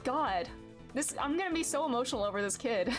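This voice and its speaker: A woman streamer with a high voice reacting loudly and emotionally to a story game. She exclaims, swears freely and talks through her feelings as she plays. Faint game music plays under her. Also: expressive, fairly quick. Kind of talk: casual gameplay commentary.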